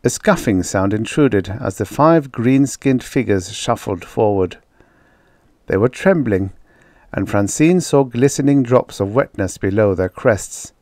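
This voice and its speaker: A man's voice: fairly low pitch, expressive, a little mellow, no echo, clean studio sound. A man narrating a vintage science fiction story as an audiobook reader. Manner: slow, measured reading. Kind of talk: scripted narration.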